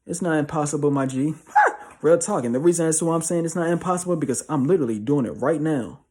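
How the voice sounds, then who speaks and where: Young male motivational speaker, husky voice, street slang, hammers points with repetition. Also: fairly high pitch, quick pace, a little mellow. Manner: slangy, emphatic, repeats himself. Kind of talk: motivational monologue.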